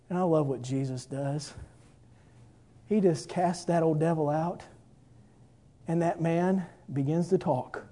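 Taking it slowly with long pauses, this pastor delivers a sermon in a mellow voice on the high side. He is impassioned, his intensity swelling and easing, and he reads scripture in King James language.

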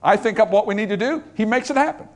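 A man's voice: high-pitched, expressive, quick pace, slight background noise. An older man preaching a sermon as pastor, emphatic and repetitive, driving points home with rhetorical questions.

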